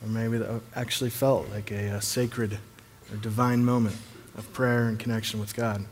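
A man leading a church service as pastor, relaxed and joking as he invites people up. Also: fairly low pitch, normal speed, slight background noise. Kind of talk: sermon. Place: large church hall. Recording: reverberant hall, faint ambience.

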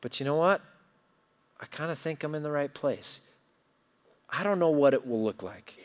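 A middle-aged pastor delivers a sermon in a slightly raised voice. He rises to loud, insistent emphasis, then drops to a hushed, personal tone as he tells his own story. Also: a little high, animated, moderate pace. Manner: swings from loud emphatic preaching to quiet, confiding storytelling.

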